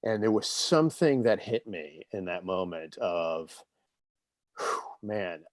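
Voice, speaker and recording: A fifties-aged man with a lowish voice, appearing as an interview guest, tells stories loosely and casually in an earnest, reflective tone. He is very animated yet unhurried. The recording is dry and close, with no room sound or echo.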